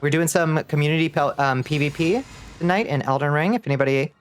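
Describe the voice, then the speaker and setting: A man's voice: fairly high pitch, fast, clean tone. A man streaming a game live, chatting casually with viewers, greeting them and laughing often, with a light lilt. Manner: playful, greets chat warmly, laughs often. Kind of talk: casual live-stream chat while gaming. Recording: faint music behind.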